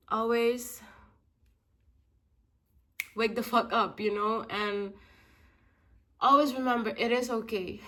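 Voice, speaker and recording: A woman's voice: on the high side, fairly bright tone. Rambling young woman vlogging. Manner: rambling, repeats herself, swears casually. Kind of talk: casual motivational vlog talk.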